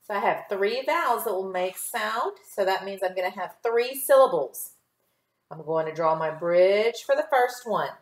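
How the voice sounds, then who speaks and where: A woman teaches a recorded phonics lesson to young children, speaking at a middle pitch. She draws each model word out slowly and clearly and keeps her tone patient and encouraging. The room around her gives back a noticeable echo. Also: expressive. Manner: slow, clear enunciation with drawn-out model words. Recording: echoey room.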